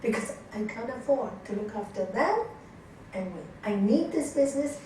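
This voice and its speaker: A yoga teacher whose voice is on the high side tells her class animated stories at normal speed, performing the quoted characters herself. She is recorded from a distance in an echoey teaching room, with a little hiss or hum.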